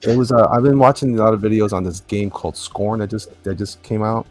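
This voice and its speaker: A man with a low, husky voice, rambling casually as a guest artist on a drawing stream. He is self-deprecating and loose, and faint guitar music plays behind him. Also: a little fast. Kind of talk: casual chat while drawing.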